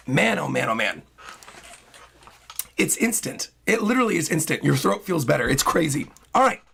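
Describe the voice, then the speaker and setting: A fairly high-pitched man talks casually on a live stream, his voice hoarse and worn out. There's a gravelly fry running through his speech, and he flips quickly from easy chatter into excited, loud hype. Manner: excitable, bursts into loud hyped yelling. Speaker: streamer reacting to a comic chapter. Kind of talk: casual livestream chat.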